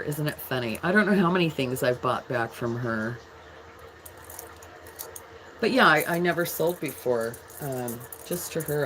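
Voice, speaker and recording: A woman with a low voice hosts a jewelry live stream at an easy, unhurried pace. She chats casually and greets viewers by name between pieces. A faint noise sits under her voice. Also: fairly bright tone, rough recording. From England. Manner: chatty, reads viewer comments aloud while showing jewelry.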